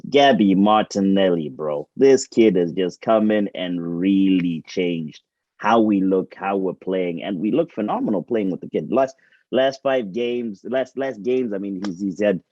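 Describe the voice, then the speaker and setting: A man's voice: on the low side, expressive, a little slow, warm tone, no echo, muffled recording. A man co-hosting a football show, chatting casually and repeating words as he thinks. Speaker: co-host.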